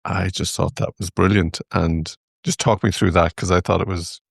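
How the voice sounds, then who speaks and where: A man hosting a podcast, talking casually with halting restarts and repeated words. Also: deep voice, steady tone, vocal fry, husky, dry recording, studio quality. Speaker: podcast host. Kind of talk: casual interview chat.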